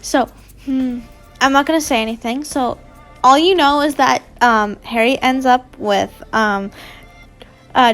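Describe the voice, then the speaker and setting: A woman's voice: high voice, a bit bright. A woman reading fanfiction aloud, breaking off into giggly, casual asides and swearing freely. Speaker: fanfiction reader.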